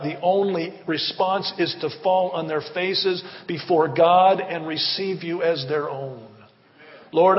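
A man preaching and praying as a pastor, fervent and rhythmic, with repeated appeals. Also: high voice. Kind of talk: sermon with prayer. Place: church hall. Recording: reverberant, dull church recording.

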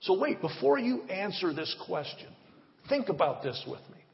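Male pastor, high voice, unhurried, fervent repeated appeals, dull echoing church recording. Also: sing-song. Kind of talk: sermon with prayer. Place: church hall.

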